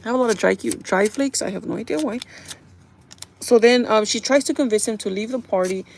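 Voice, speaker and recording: Chatty woman with vocal fry. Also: on the high side, brisk, background noise. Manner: chatty, addresses viewers as "you guys"; acts out characters' lines in quotes. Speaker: livestream host. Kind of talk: casual chat recapping a TV show.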